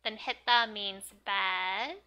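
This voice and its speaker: Slow, chatty young-sounding woman teacher. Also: muffled recording, a little hiss or hum. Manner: chatty, giggly, lots of "like" and "um"; reads manga lines in high excited character voices. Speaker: Japanese teacher. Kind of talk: casual manga reading lesson.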